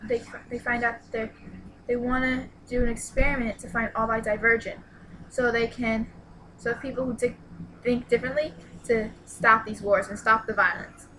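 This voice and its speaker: A young woman excitedly retelling a book's plot in a casual review vlog, with lots of "like" and sudden squealed exclamations. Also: fairly high pitch, moderate pace, slight background noise, low-quality recording. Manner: excitable and gushing, exclaims "What? What?"; retells the plot with many "like"s and restarts. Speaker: book reviewer.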